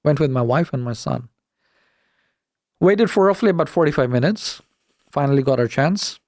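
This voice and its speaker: A middle-aged man from the UK guests on an interview podcast, his slightly high voice carrying a gravelly edge, recorded dry and close with no room sound. At a moderate pace, he tells stories casually yet with animated, indignant emphasis, acting out each side of the dialogue.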